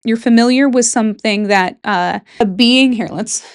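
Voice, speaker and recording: A woman's voice: fairly high pitch, normal speed, clean tone, no room sound. Young michigan-accent woman chatting solo from her bedroom, jokey asides, close dry mic. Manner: chatty and joking, with asides and whispered side comments. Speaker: podcast host. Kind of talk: casual solo talk on history and folklore.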